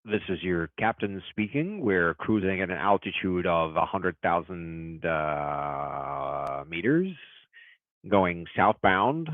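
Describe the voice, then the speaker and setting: A man doing a slow, deep airline captain. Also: lively intonation, no echo, full character voice. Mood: calm. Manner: slow, measured cabin announcement. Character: calm male airline captain making an announcement. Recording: tinny, phone-like dry sound.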